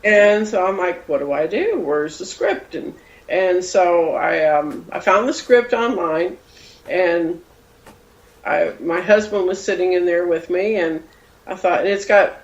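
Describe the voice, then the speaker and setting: A woman's voice: on the low side, unhurried. A woman paranormal investigator chats as a podcast guest, wandering through her stories and slipping into the voices of the people in them. Her voice sounds dull and lo-fi, with a noticeably roomy echo around it. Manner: rambling, acts out quoted dialogue. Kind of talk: casual storytelling in an interview.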